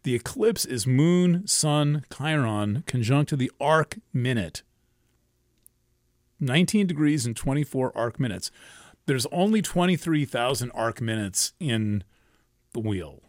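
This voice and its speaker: A man's voice: mid-range voice, animated, a little slow, dry recording, clean studio sound. A man giving a casual astrology talk, rambling and emphatic, often restarting and cursing freely.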